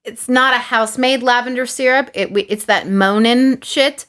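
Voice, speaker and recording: A woman's voice: on the high side, moderate pace, a bit bright. A woman co-hosting a podcast, casually telling exasperated stories about customers at the restaurant where she works. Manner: exasperated, storytelling, casual swearing. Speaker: podcast co-host, server.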